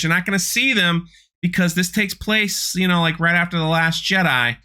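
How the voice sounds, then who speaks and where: A man's voice: a little high, moderate pace, bright, forceful tone, clean tone. A man hosting his channel, giving sarcastic, ranting commentary on a trailer with frequent restarts. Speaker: channel host.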